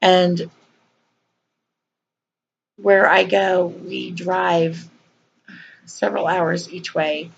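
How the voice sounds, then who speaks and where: Gravelly-voiced woman telling a personal story. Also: fairly low pitch, muffled recording. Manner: earnest, conversational, frequent fillers and repeats. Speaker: vlogger.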